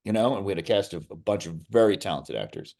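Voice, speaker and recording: Animated, low-voiced male actor guest. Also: fast talker, vocal fry. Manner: animated storyteller, many restarts and asides. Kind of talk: casual interview storytelling.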